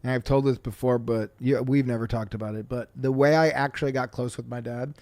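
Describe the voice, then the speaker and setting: A man's voice: mid-range voice, fairly quick, no echo. A man telling rambling family stories in casual podcast chat, acting out quotes as he goes. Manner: rambling, animated storytelling with voiced quotes. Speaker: podcast guest.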